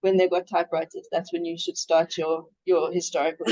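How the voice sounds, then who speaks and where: A woman's voice: fairly low pitch, level tone, brisk, darkish tone. A woman historian answering questions at a seminar in a chatty way, with many restarts and some laughter. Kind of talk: academic seminar Q&A. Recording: dull lo-fi sound.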